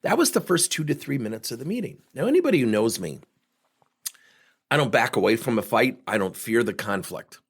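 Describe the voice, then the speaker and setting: A man tells a sales story with a slightly husky voice. His pitch swings up and down a lot, and he acts out the people in his anecdotes. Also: brisk. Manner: animated, acts out quoted voices. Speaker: sales coach, podcast host. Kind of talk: storytelling talk.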